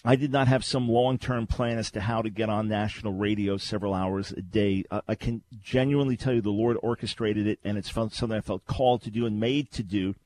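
A man's voice: fairly low pitch, fairly even intonation, brisk, few pauses, darkish tone, no echo. A man hosting a Christian call-in radio show, teaching in an earnest, conversational way with frequent restarts. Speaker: radio talk show host. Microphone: studio microphone.

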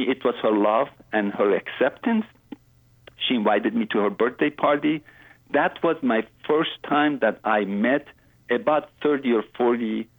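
A man, earnestly telling his personal story as an interview guest, in halting phrasing. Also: mid-range voice, no echo. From Iran. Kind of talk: personal faith testimony in an interview. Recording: dry, phone-like line.

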